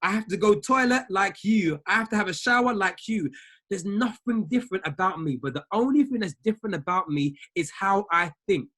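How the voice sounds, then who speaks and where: A trading coach with a high, sharp-toned voice gives a motivational talk to an online group, speaking fairly quickly and expressively. Preacher-like, he exhorts his audience directly and repeats lines for emphasis.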